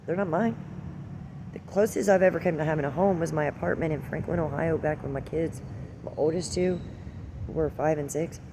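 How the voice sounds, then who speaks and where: A woman's voice: low-pitched, brisk. A woman in her forties talking in a candid, rambling, heavily profane confessional monologue, recorded with car noise behind. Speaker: vlogger.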